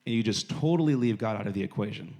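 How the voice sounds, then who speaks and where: A man's voice: on the low side, lively intonation, fast, darkish tone. A man giving a casual sermon to young people, talking conversationally and repeating phrases for emphasis. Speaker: youth preacher.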